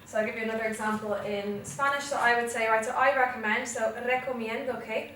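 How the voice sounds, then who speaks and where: A young Irish woman teaches a Spanish revision lesson in a classroom, explaining step by step and often checking "okay?". Her voice is on the high side and fairly bright, with a steady tone, and she talks fast. The recording is echoey and distant, with faint noise.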